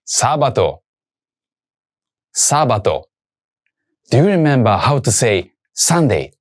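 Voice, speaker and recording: Male teacher, patient lesson delivery: unhurried, words repeated clearly, pitch moving a lot. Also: big pitch swings. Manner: slow, careful repetition of words for learners. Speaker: language teacher. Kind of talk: scripted language lesson.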